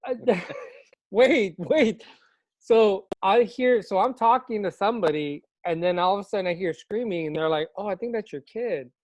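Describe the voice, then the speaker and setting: Animated storytelling man, dry sound. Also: high-pitched, normal speed, no room sound. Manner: animated storyteller, laughs often. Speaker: high school teacher, co-host. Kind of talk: casual unscripted conversation.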